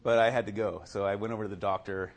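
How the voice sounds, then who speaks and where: A man's voice: on the low side, quick pace. A man sharing a personal faith testimony in a casual storytelling way, chuckling often and talking loosely with lots of fillers. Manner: acts out other people's lines in lively quoted voices.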